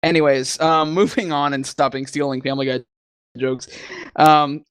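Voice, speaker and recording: A man's voice: on the high side, steady tone, normal speed, a bit bright, clear, resonant tone, no room sound, studio quality. A man co-hosting a casual chat, joking crudely and swearing freely. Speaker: co-host.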